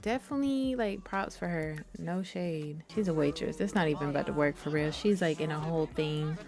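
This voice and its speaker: A woman's voice: deep voice, fairly quick. A young woman giving casual, chatty let's-play commentary and talking straight to her viewers. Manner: chatty, animated, addresses viewers as y'all. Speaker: gaming YouTuber.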